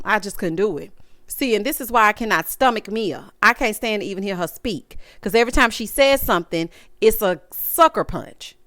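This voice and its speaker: A woman's voice: medium pitch, fairly bright tone, no echo, studio quality. A woman giving a sassy, dramatic casual recap of a reality show, often mimicking the people she talks about.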